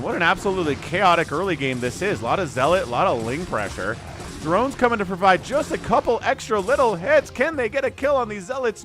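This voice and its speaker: Man, game caster, excitable, chatty livestream commentary, very lively pitch, faint background music. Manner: excitable, chatty, reads out viewer chat.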